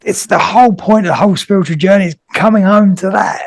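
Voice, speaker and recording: A man's voice: high voice, fast talker, no echo. A man hosting a podcast, chatting casually about spirituality and speaking openly and emotionally.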